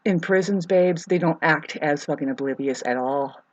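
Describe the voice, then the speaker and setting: A woman's voice: sits low, normal speed, rough recording. A woman in a rambling, profane monologue, half-rhyming and sarcastic, with many ums.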